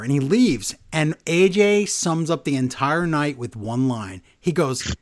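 Animated sarcastic man recapping wrestling. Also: a little high, a little slow. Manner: sarcastic, animated, laughs often. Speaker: podcast co-host. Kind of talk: casual wrestling recap chat.

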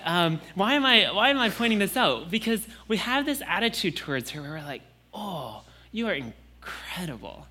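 Delivering a Sunday sermon, a young preacher with a slightly high voice keeps things easy and conversational. He drops in casual fillers and restarts his sentences now and then.

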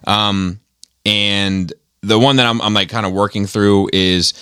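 Low-voiced man rambling on a podcast. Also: steady tone, unhurried, bright, forceful tone, clean tone, no room sound, clean studio sound. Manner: rambling, many fillers and restarts. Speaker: podcast co-host. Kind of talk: casual podcast chat.

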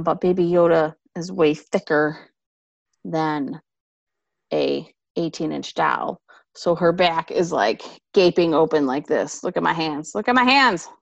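Gravelly low-voiced woman chatting. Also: dry recording. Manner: rambling, animated storytelling with self-restarts. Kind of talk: casual chat.

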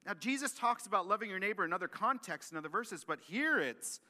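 Male pastor preaching, super bright voice, lively and emphatic, echoey church hall. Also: sits high, a little fast, few pauses. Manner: animated, emphatic, repeats and restarts phrases. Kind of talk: sermon.

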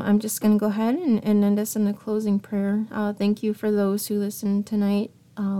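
A woman's voice: mid-range voice, a little mellow, rough recording. A woman hosting a homeschooling podcast, chatting casually with her children and then leading an earnest prayer with many fillers. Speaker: podcast host and homeschooling mother. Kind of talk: casual family chat and closing prayer.

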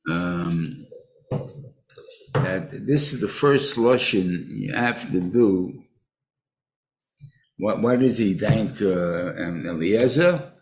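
An older man teaching a Torah class in a halting way, often restarting and mixing in Hebrew terms. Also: on the low side, darkish tone. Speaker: rabbi teaching a weekly class.

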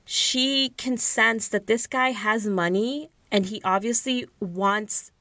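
A woman co-hosting a podcast, recapping a book in casual chat with sarcastic, animated asides. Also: a little high, slow, no echo. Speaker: podcast co-host.

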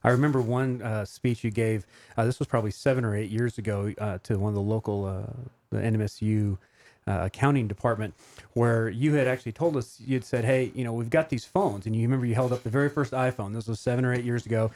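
A man's voice: mid-range voice, fairly even intonation, quick pace, a little mellow, no room sound. A man hosting a podcast in casual chat, chatty, with lots of fillers. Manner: chatty, filler-heavy, laughs easily. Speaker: podcast host.

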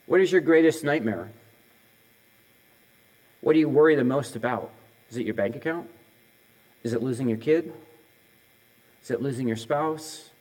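A man's voice: mid-range voice, normal speed, pauses often, a little mellow, rough recording. A middle-aged man preaching a sermon as a pastor. He talks conversationally, asks the audience many questions in a row and jokes about his own slips.

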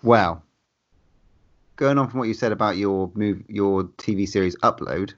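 A man of around forty co-hosts a casual podcast, swearing freely, laughing often and enthusiastically gushing about horror film news. His voice is fairly low and his pace moderate, though the audio sounds dull.

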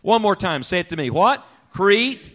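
A male pastor preaching a sermon to his congregation, leaning on rhetorical questions and call-and-response, and swinging between loud emphasis and quiet, low reflection. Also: lively intonation, a little fast. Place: church sanctuary before a congregation.

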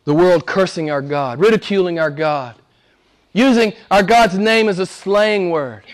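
Male pastor with a high voice, preaching with sharp swings from loud outbursts to soft whispers. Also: unhurried. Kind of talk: sermon.

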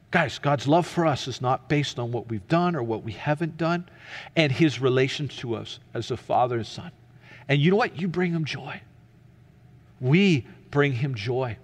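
Earnest preacher in an echoing hall. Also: male voice, mid-range voice, expressive, normal speed. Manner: earnest, building to emphatic peaks then dropping soft. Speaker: pastor. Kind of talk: sermon.

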